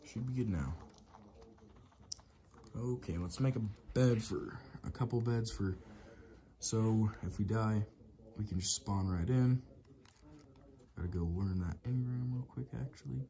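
A man's voice: on the low side, measured pace, pauses often. An Irish man giving casual commentary on his own gameplay, muttering running instructions to himself as he builds. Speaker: let's play gamer. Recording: steady background noise with keyboard clicks.

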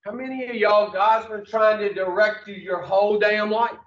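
A man's voice: sits high, fairly even intonation, normal speed. A man giving a blunt, profane motivational talk to a group, asking the room questions in a folksy way. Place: room with a small audience. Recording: roomy, distant, dull mic.

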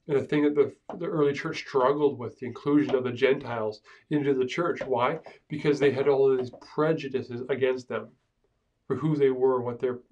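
A man's medium-pitched, darkish voice, with the highs cut off and recorded from far away, belongs to a pastor giving a relaxed Bible survey class lecture. He frequently asks "right?" and restarts his sentences.

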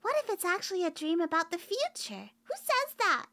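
A young woman streaming a video game with excitable, gasping, theatrical reactions. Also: very high voice, normal speed. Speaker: VTuber streamer. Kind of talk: let's play commentary. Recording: game music playing under voice. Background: video game music.

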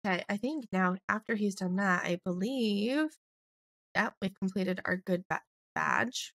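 Young female let's-play host, slightly hoarse, chatty and rambling, mid pitch. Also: no echo, clean studio sound. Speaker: gaming YouTuber.

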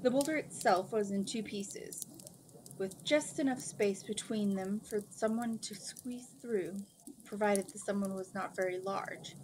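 A woman reads a novel aloud in a steady, mid-pitched voice. She trips over a word now and then and corrects herself. A noticeable hiss runs under the home recording. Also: a little slow. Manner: steady reading with small stumbles and self-corrections. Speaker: book reader.

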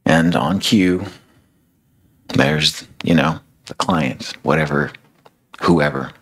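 A man's voice: a bass voice, slow, fairly bright tone. A male preacher retelling a story in a sermon, conversational and dramatic, with casual fillers.

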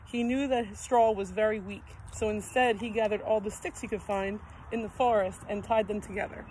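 A woman tells a children's story in a gentle, expressive read-aloud manner, at a middling pitch. Faint outdoor noise hums behind her. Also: fairly quick, low-quality recording.

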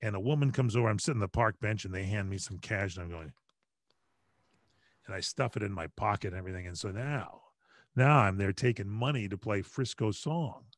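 A middle-aged man, a radio broadcaster, telling stories in a lively, joking way over a video call. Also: on the low side, dry recording, clean studio sound. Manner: lively, chatty, quick to joke. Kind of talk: animated storytelling in conversation.

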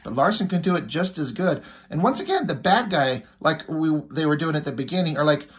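A man's voice: on the high side, animated, fairly quick, hardly any pauses, husky. A man casually recapping a comic book as a reviewer, rambling with lots of fillers.

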